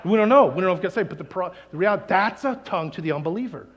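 A man preaching in a church hall, telling stories with animated acted-out voices for the people in them. His voice sits high, and the sound rings with a long hall reverb behind him. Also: racing, dull audio, noisy background. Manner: animated, acts out quoted people. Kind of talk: sermon storytelling.

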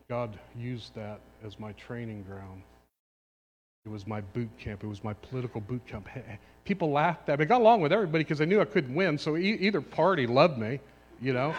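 Pastor preaching in a reverberant hall. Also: male voice, a little high. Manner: storytelling, swings from quiet asides to loud exhortation. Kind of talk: sermon testimony. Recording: long hall reverb, faint hum.

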